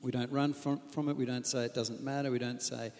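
A man preaching a lively, humorous sermon on marriage, acting out quoted asides. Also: medium pitch, brisk, in a large hall. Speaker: pastor.

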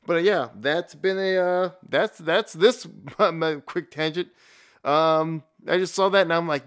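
A man's voice: a little high, unhurried, fairly bright tone, clean tone. A man giving a profane, rambling rant in blunt, casual commentary, with frequent restarts.

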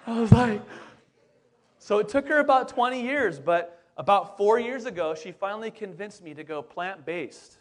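A man's voice: high-pitched, expressive, normal speed, hardly any pauses. A lead pastor in his forties preaching a casual sermon, chatty and upbeat, talking straight to the congregation with plenty of fillers and asides.

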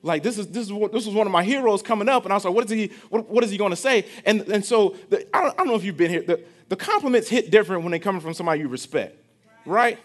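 A man's voice: high voice, lively intonation, racing. A young adult man, preaching a sermon in a conversational style, repeating phrases and asking the congregation questions. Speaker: pastor.

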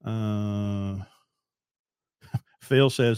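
Middle-aged man, blunt, heated, rambling, mid-pitched voice, dry close sound. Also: lively intonation, moderate pace, no room sound. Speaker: podcast host, trucking business owner. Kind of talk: solo livestream talk.

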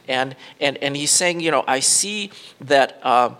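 A man's voice: medium pitch, expressive, unhurried, few pauses, fairly bright tone. A male pastor reading scripture and then preaching an earnest sermon, with frequent fillers and restarts.

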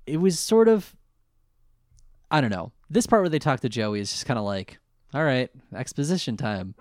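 Man, casual recap chat, lively animated voice, dry close recording. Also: mid-range voice, normal speed, no echo. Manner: animated, laughs often, acts out characters. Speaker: podcast co-host.

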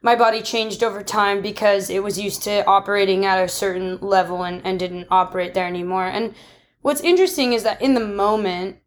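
A woman's voice: medium pitch, fairly even intonation, brisk. A young adult woman co-hosting a podcast, talking candidly and reflectively in casual conversation, often restarting and laughing. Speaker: podcast co-host.

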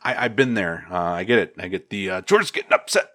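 A man, an agronomist, giving casual advice in a relaxed, rambling way, with many fillers and restarts. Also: deep voice, brisk, no room sound, studio quality.

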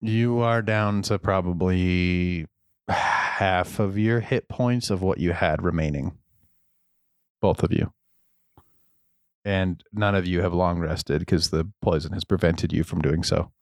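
A man narrating as game master in a tabletop game, casual and a bit halting. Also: sits low, clear, resonant tone, dry recording. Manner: casual, hesitant with fillers.

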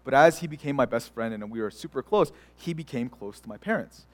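A man's voice: mid-range voice, lively intonation, brisk. A young adult man, a pastor, preaching a sermon in a chatty storytelling way with many fillers and restarts. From United States.

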